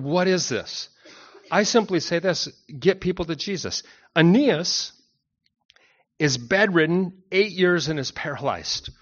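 A man's voice: a little high, a bit bright, highs cut off. A man preaching a conversational Bible-teaching sermon to his congregation, mixing personal anecdotes with scripture and speaking directly to his listeners. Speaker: pastor.

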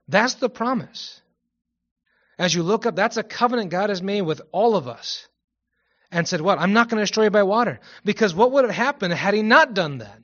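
A man preaching a Bible study sermon, reading King James scripture aloud and then commenting in a conversational way, stopping now and then to correct himself. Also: on the high side. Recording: muffled lo-fi recording.

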